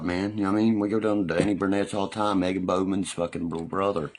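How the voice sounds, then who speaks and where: Deep-voiced man rambling live. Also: fairly even intonation, brisk, hardly any pauses, a little hiss or hum. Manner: rambling, profane, drawling, full of fillers. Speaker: livestreamer. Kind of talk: casual live-stream chat.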